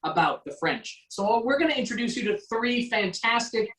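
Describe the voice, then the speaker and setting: A man's voice: very high-pitched, sing-song, normal speed, fairly bright tone. Guy from quebec running a zoom cocktail class, chatty and jokey, echoey room, mic kinda far off. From Quebec, Canada. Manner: chatty, joking, many fillers. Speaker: online mixology class host. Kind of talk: casual video-call class hosting. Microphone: video call.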